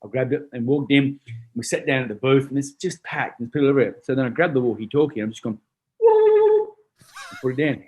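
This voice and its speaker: An Australian man telling stories in a casual chat, animated and swearing freely, acting out the other people's voices. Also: mid-range voice, fast, breathy edge. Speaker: guest, retired boxer. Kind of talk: casual storytelling.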